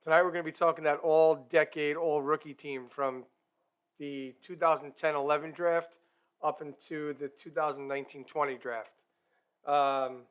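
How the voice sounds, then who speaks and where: A man's voice: fairly high pitch, a bit bright, clear, resonant tone. A man hosting a hockey talk live stream, chatty and upbeat, talking straight to his viewers. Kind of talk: casual live-stream chat.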